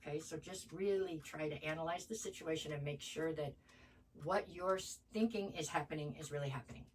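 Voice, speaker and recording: Low-voiced woman reading tarot. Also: a little fast, distant mic, a little hiss or hum, rough recording. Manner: thinking aloud, hedging, repeats words. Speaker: tarot reader. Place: home.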